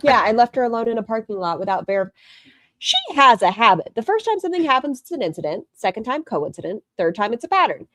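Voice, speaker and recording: A woman's voice: on the high side, sing-song, quick pace, a bit bright, dry recording, clean studio sound. A woman hosting critical reaction commentary, blunt and sarcastic. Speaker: commentary host.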